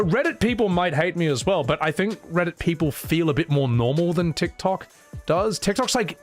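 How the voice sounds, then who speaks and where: Rambling male streamer chatting with viewers. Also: fairly high pitch. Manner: rambling, chuckling, lots of fillers. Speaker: streamer reading chat. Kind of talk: casual livestream chat.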